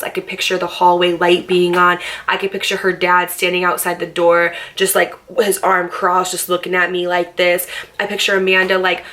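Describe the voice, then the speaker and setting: A young woman vlogger casually telling a personal story, animated and swearing freely as she acts out what people said. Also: lowish voice.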